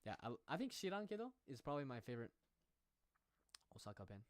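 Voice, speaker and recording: A man's voice: medium pitch, very animated, fast talker, no room sound. Easygoing young man chatting on a livestream. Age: 20s. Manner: rambling, easygoing, laughs at himself. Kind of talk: casual livestream chat, reading viewer comments. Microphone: desk microphone and headset.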